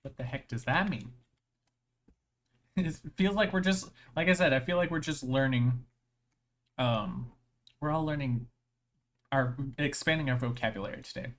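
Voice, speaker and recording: A live streamer chatting casually, rambling playfully with frequent restarts and laughter. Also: medium pitch. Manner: halting, with many restarts.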